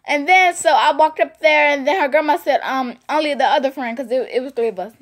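With a high-sitting voice and a pace that's a little fast, a woman tells her viewers a laid-back storytime. She rambles, echoes phrases for emphasis, and stays animated as she speaks to them directly.

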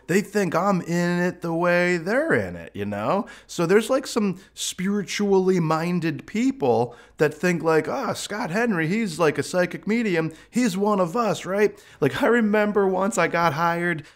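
A middle-aged man, a psychic medium, casually telling funny stories from his work, laughing often and acting out the voices of people and pets. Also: sits high. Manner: animated, laughing, acts out quoted voices. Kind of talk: casual storytelling monologue.

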